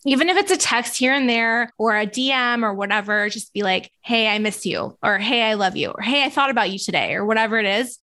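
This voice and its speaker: A woman's voice: fairly high pitch, brisk, few pauses, pushed and bright. A woman in her thirties hosting a podcast, chatting casually with a close friend and laughing often. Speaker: podcast host. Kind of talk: casual chat.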